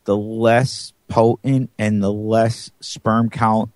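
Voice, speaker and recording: A man co-hosting a live podcast in a studio, making dry, teasing jokes in a deadpan way. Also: lowish voice, slow, dry recording. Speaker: co-host. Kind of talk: casual live show banter.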